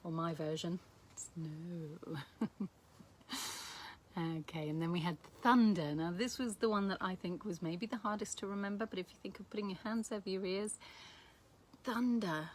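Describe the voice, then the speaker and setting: A woman's voice: fairly low pitch, fairly even intonation, moderate pace. Chatty woman teaching signs. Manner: chatty and warm, laughing at herself. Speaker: sign language teacher. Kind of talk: casual teaching video to camera.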